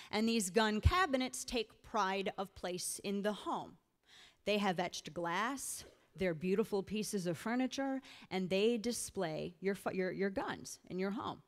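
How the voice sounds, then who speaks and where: A middle-aged woman from the Missouri Ozarks giving an emphatic, storytelling speech at a political rally in a large event hall. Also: mid-range voice. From rural Missouri Ozarks. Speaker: political speaker. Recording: live hall with long reverb.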